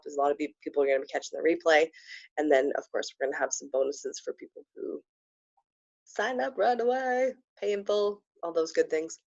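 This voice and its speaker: This low-pitched woman, a spiritual coach, hosts a live show and gushes casually to her audience, letting out excited whoops between frequent fillers. The recording sounds muffled.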